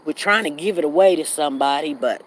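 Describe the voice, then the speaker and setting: A woman hosting a casual live stream while she walks outdoors, chatting straight to her viewers and greeting them by name. She drops to a lower, quieter tone when she gets serious. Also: quick pace, low-quality recording. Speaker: livestream host. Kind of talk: casual rambling live chat. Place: outdoors, walking.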